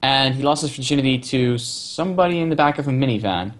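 A man's voice: medium pitch, animated, fast talker. Wry man joking through a recap. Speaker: podcast co-host. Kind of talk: casual episode recap chat.

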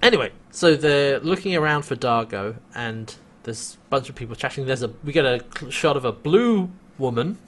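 Animated man recapping an episode. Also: mid-range voice, normal speed, hardly any pauses. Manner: animated, laughs often, acts out quoted lines. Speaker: podcast co-host. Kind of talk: casual recap chat.

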